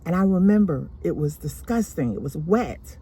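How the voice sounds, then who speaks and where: A woman slowly and deliberately telling a painful personal story from her childhood. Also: on the low side, expressive, warm tone, slightly rough. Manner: slow, deliberate, emotional retelling.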